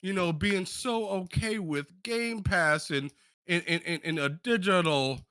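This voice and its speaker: A man's voice: high-pitched, a little slow, bright, forceful tone, clean tone, dry recording, clean studio sound. A man co-hosting a casual gaming podcast, mocking and slangy, tripping over restarts as he talks. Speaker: podcast co-host.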